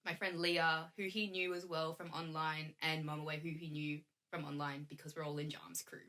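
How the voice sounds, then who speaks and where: Bright-voiced young woman. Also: low voice, level tone, moderate pace. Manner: chatty, laughs often, acts out quoted lines. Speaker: guest. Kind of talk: casual storytelling chat.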